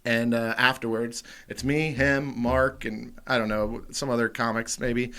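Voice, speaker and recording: A man co-hosting a comedy podcast, telling a wild story in a loud, animated, profane way. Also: medium pitch, unhurried, clear, resonant tone. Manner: animated, profane, acts out quotes loudly. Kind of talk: casual storytelling chat.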